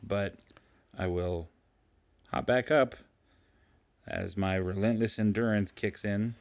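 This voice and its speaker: Slow-talking man with wry reactions. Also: on the low side, steady tone, vocal fry. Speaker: player. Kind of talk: casual tabletop play.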